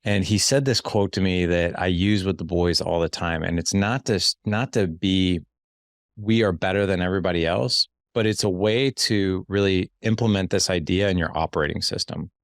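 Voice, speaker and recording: A man with a very low voice hosts a podcast conversation. He speaks emphatically and often restarts or repeats words mid-thought. His voice sounds dry and close to the mic. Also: moderate pace, no room sound. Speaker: podcast host. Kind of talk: casual interview chat.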